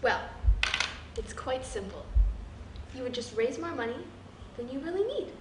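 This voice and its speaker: A woman acting as a timid, nervous young male accountant in a scene for an acting class, with prim speech that breaks into shrill hysterics. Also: big pitch swings, normal speed. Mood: musing. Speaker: acting student. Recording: echoey room, far mic, light noise.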